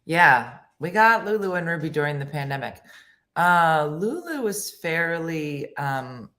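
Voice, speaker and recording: A middle-aged woman hosting a casual morning show with a hoarse voice and a lingering cough, who chats in a rambling, self-mocking way and laughs often. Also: sits low, a bit bright. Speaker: host. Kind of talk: casual morning show chat, reading viewer comments.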